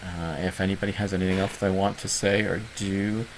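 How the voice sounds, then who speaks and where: A man's voice: low-pitched, level tone, a little fast, slight background noise, rough recording. A man with a Southern Ontario Canadian accent hosting casual online office hours, rambling and self-deprecating with many fillers. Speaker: host of a gaming club's online office hours. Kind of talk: casual livestream chat.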